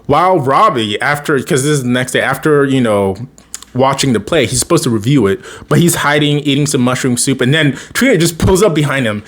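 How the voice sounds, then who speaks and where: A man's voice: medium pitch, animated, fairly quick, fairly bright tone. A man casually recapping a TV episode in a rambling way, chuckling often and acting out the characters' lines. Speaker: TV episode reviewer.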